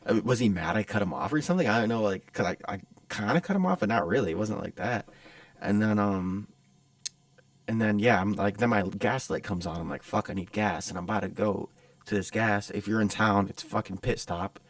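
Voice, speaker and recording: A man's voice: on the low side, brisk, no echo. A man hosting his own podcast, telling a story in a rambling, profane, casual way. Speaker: podcast host.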